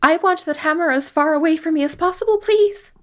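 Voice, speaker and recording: A woman's voice: very high-pitched, brisk, pitched above the performer's own voice. A woman voicing a prim, fussy woman mapmaker in a tabletop role-playing game, with an accent that keeps shifting. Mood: curt.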